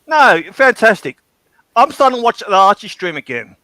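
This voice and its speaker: Animated, joking man. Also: high-pitched, moderate pace, no room sound, poor audio. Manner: joking, self-mocking, animated. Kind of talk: joking live-stream banter.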